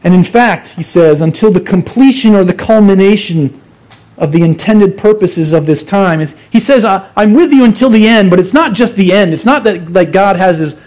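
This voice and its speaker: A man with a notably high voice delivers a sermon. He teaches in an earnest, emphatic way, repeating key phrases to drive the point home. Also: a little mellow. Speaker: pastor.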